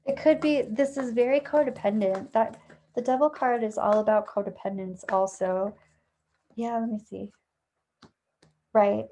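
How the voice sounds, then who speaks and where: A woman's voice: a little high, steady tone, measured pace, pauses often, warm tone, a little hiss or hum. A woman giving a casual, chatty tarot reading at home, thinking aloud and correcting herself as she goes. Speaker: tarot reader. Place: at home with a dog nearby.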